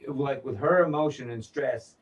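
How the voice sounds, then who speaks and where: Casual podcast co-host, male, mid-pitched, heavy cursing, recaps scenes, a bit off-mic. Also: moderate pace, distant mic, dull audio. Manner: profane, retells scenes quoting characters.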